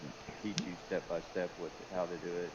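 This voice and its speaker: Male caller, very low voice, friendly advice-giver, dull lo-fi sound. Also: level tone, moderate pace. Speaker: chat guest. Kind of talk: casual chat. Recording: lo-fi audio with crowd noise behind.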